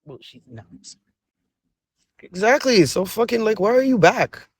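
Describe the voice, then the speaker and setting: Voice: medium pitch, big pitch swings, husky, no room sound, clean studio sound. Blunt, profane reaction commentator in their forties. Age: 40s. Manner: rapid-fire rhetorical questions. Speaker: commentator reacting to a reality show.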